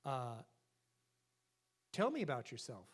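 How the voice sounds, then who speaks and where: A man's voice: mid-range voice, wildly swooping pitch, slow pace, slightly rough, voice pushed down, full character voice. A man voicing a lonely small-town man who hesitates in a joke. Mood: puzzled.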